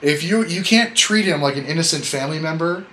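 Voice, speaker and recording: A man's voice: a little high, animated, brisk, fairly bright tone, slight background noise, poor audio. A man hosting a casual podcast chat, telling a story in a rambling, joking way and correcting himself as he goes. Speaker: podcast host.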